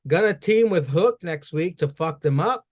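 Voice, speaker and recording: Man, fairly high voice, brisk recap, wry profane asides. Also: animated. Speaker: podcast host. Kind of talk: casual show recap.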